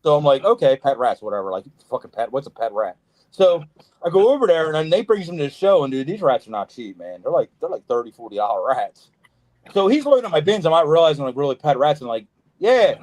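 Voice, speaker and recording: A man hosts a casual podcast in a high voice. He tells loose, profane stories and acts out little voices for the animals. His pitch moves all over the place. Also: very animated, quick pace, darkish tone, no room sound, low-quality recording. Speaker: podcast host, reptile breeder.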